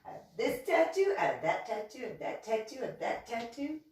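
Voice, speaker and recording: A woman's voice: fairly high pitch, very animated, normal speed, a little mellow. A woman chatting casually as host, playful and teasing, laughing often. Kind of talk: casual chat. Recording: roomy echo, far from mic.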